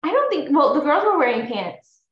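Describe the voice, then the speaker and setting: A woman's voice: high-pitched, very animated, a little fast. A young woman co-hosting a podcast in casual chat, hesitant and giggly with many fillers. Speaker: podcast co-host. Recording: echoey, dull lo-fi sound.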